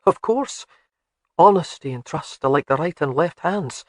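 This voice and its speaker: A narrator voices a gruff Highland laird from a storybook, teasing and sure of himself. He speaks low and slow with a lilt. The sound is dry and close. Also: animated, no room sound.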